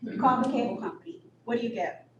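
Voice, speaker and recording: A woman executive director telling candid stories in an interview, blunt and animated, with sudden high-pitched bursts. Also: fast, muffled recording. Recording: echoey room, distant mic, audible noise.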